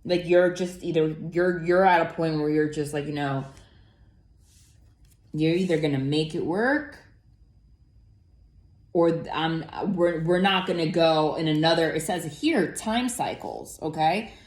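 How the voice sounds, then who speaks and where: A woman gives a casual tarot reading, chatty and rambling, with plenty of fillers and casual swearing. Her low, darkish voice moves a little slowly with frequent pauses, and the room echoes.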